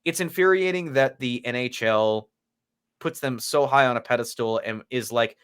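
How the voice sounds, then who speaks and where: A man co-hosting a sports podcast in a loose, animated way. His voice swings up and down as he acts out quotes, with plenty of swearing and restarts. His pitch sits at a middle level for a man. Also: normal speed, clear, resonant tone. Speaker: podcast co-host. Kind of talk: casual sports chat.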